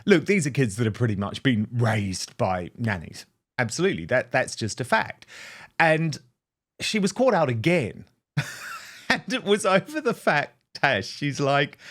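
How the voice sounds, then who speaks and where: A man's voice: mid-range voice, sing-song, unhurried, a bit bright. A man hosting an opinionated commentary show, who speaks with mocking emphasis. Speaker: host.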